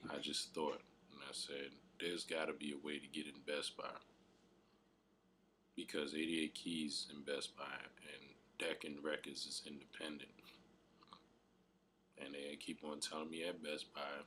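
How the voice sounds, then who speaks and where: A man's voice: very deep voice, bright, forceful tone, a little hiss or hum. A man around thirty, an aspiring rapper, telling a rambling, emotional story about his struggles, full of fillers and slang. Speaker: aspiring rapper and podcast host. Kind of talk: casual storytelling monologue.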